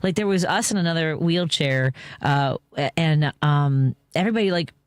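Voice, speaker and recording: A woman hosting a radio talk show, chatting in a loud, brassy, storytelling way. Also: low voice, normal speed, smooth, no room sound. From United States. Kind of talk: casual radio chat.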